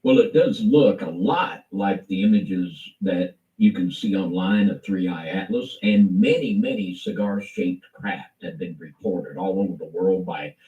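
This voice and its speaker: A man giving impassioned religious commentary on a talk show, preacherly, swinging between low murmurs and emphatic stresses. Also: unhurried, hardly any pauses, warm tone, roomy sound, far from the mic, highs cut off. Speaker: co-host.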